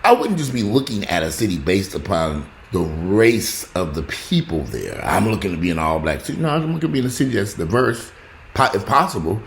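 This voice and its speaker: A deep-voiced man rambles to his viewers in a casual monologue. His pitch rises and falls widely as he jumps from loud exclamations to muttered asides. A faint hiss of noise sits behind him. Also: very animated, a little fast. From United States. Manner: rambling, joking, talks straight to the audience. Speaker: vlogger.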